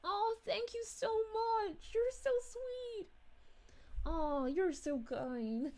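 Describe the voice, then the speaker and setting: A woman's voice: high-pitched, big pitch swings, a little slow, darkish tone. A woman voicing a cheerful, motherly space princess, reading live-stream chat in character with bubbly, giggly, gushing thanks.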